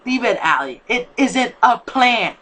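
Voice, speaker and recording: An angry male plant monster growls out his lines in a harsh shout, voiced by a reader of a fan story. The voice is bright and tense, over a faint background hiss. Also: mid-range voice, sing-song, unhurried, pitched above the performer's own voice.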